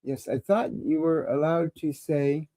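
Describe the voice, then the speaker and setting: A man's voice: on the high side, steady tone, measured pace, dark tone, no echo. A man hosting a live call-in show, chatting casually and rambling with crude jokes while he struggles with technical problems. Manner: rambling and crude, joking through technical trouble. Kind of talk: casual livestream chat.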